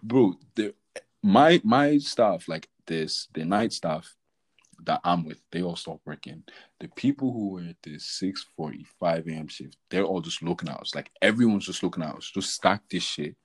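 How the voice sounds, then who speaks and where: Podcast co-host, young man, deep husky voice, loose slang-heavy storytelling. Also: animated, moderate pace, rough recording. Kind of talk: casual chat.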